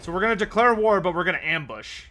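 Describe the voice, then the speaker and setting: A man's voice: sits high, lively intonation, fast talker, pushed and bright. A man streaming a strategy game, chatting casually, thinking aloud and answering viewer questions. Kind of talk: casual gameplay livestream commentary.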